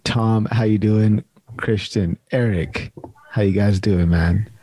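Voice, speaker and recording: A man hosting an online happy hour over a video call, chatting in a relaxed way and calling people "man". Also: on the low side, slow pace, slightly rough, dry recording. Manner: laid-back, chatty, says "man" often. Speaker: host. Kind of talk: casual chat.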